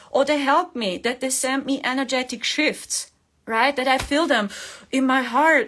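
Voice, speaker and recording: Woman, fairly high voice, earnest coaxing spiritual talk, laughs often. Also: moderate pace, fairly bright tone. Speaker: spiritual livestream host.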